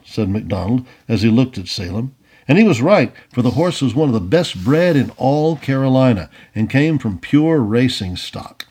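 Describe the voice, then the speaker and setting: A man narrates a historical adventure tale in an expressive storybook style. His voice is husky and mid-pitched. His intonation swings widely as he tells the story. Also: moderate pace. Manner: expressive, animated reading. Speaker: audiobook reader.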